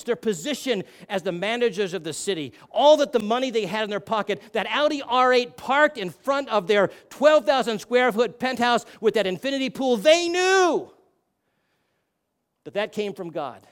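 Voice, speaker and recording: A man preaching a sermon, firing rhetorical questions and swinging between hushed and loud delivery. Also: high voice.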